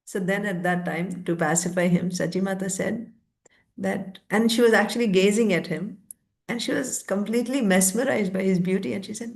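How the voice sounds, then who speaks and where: A woman's voice: medium pitch, moderate pace, gravelly. Woman teacher retelling a scripture story. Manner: conversational, with fillers and asides.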